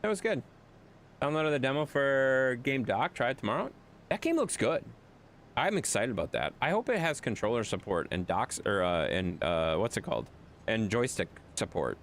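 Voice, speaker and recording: A man, animated, rambling streamer. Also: mid-range voice, normal speed, slight background noise. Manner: rambling, animated storyteller addressing chat. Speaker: gaming streamer. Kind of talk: casual live-stream chat.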